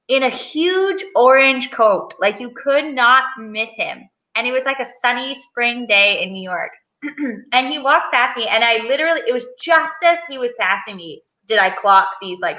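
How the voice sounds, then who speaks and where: A woman with a high, bright voice chats on a video call, telling stories with animated energy and frequent giggles. She restarts her sentences often. The audio is dull and lo-fi, with a roomy echo. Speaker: touring musical theatre performer, guest. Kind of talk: casual chat.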